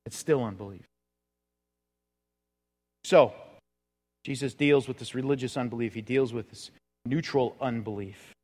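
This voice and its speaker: A man's voice: mid-range voice, unhurried, long pauses, darkish tone. A male pastor giving a conversational sermon in a church, full of rhetorical questions and acted-out quotes. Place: church sanctuary. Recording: reverberant church hall.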